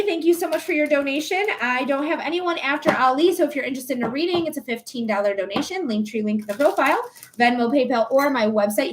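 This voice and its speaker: A woman's voice: sits high, noisy background. A young adult woman doing live psychic readings, chatting casually, swearing freely and laughing often. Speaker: psychic reader on a live stream. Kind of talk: casual live-stream chat.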